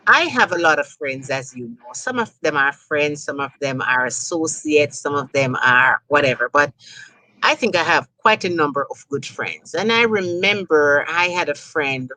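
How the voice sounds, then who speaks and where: Low-voiced woman host, rambling interview talk. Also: lively intonation, normal speed, sharp tone, no echo, low-quality recording. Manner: rambling, leans on "you know".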